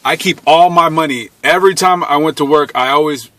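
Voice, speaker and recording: A man's voice: fairly high pitch, a little fast, pushed and bright, dry recording. A man in his thirties telling a personal story in a blunt, profane, casual way, often laughing as he goes.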